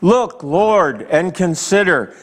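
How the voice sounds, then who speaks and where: A male pastor preaching a sermon slowly and emphatically, with dramatic pauses, and asking the congregation direct questions. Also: high-pitched, expressive, a bit bright. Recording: long hall reverb.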